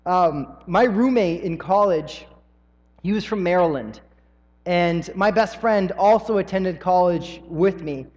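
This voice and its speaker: Young male preacher from the US South, high voice, folksy storytelling delivery, dull recording with long hall reverb. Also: slow pace, darkish tone. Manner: folksy, storytelling, frequent ums. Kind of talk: sermon.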